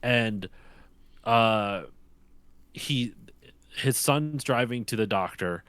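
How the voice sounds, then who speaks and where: A man of middle pitch telling a story on a live stream, animated and quick to curse. His voice sits close and dry, with no room sound around it. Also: clean tone, no room sound. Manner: animated storyteller who swears freely. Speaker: streamer co-host. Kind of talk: casual chat on a live stream.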